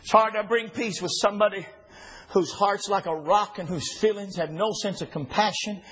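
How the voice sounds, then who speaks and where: A man preaching a sermon to his church, fervent, rising to shouts with breathy "uh" pauses. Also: high voice, low-quality recording. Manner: fervent, builds to shouting with 'uh' pauses and 'woo'.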